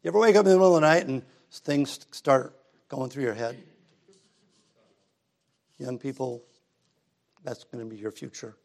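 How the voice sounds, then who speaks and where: A middle-aged man delivers a sermon to his congregation. His voice sits at an ordinary pitch for a man. His preaching is relaxed and conversational, rising to emphatic passages. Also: moderate pace, creaky, long pauses. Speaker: pastor. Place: church sanctuary.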